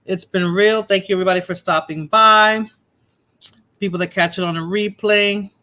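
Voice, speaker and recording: A man's voice: high-pitched, steady tone, normal speed, pushed and bright. A man hosting a live stream in casual chat, laid-back and chuckling as he signs off.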